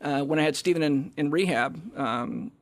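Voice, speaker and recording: A middle-aged man, a former band manager, telling stories as a guest in a podcast interview, animated and salty-tongued. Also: fairly high pitch, moderate pace. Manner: animated anecdote-telling with profanity.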